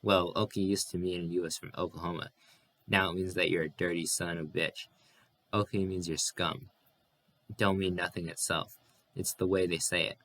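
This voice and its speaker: A man's voice: sits low, flat delivery, normal speed, a bit bright. Man reading a bitter weary migrant. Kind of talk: audiobook character reading.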